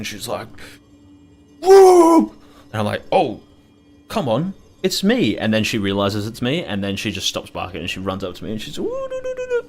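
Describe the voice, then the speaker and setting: Playing a game on stream, a young man with a fairly low, fairly bright voice chats and rambles in a casual way, cursing freely throughout his commentary.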